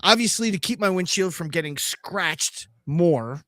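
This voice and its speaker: A middle-aged man tells a road-trip story on a live podcast, swearing freely and acting out what happened with sound effects. His voice sits a little high and swings widely in pitch. The sound is close and dry. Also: a little slow, dry recording. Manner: animated, swearing, sound effects while telling stories. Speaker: podcast co-host.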